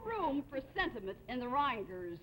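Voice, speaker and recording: A woman's voice: high-pitched, big pitch swings, normal speed. A woman playing a rigid, commanding female pack leader of girl rangers in a comedy sketch, heard over a noisy TV broadcast with a studio audience. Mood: stern. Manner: stiff, military, commanding. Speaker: comic actress in a TV sketch.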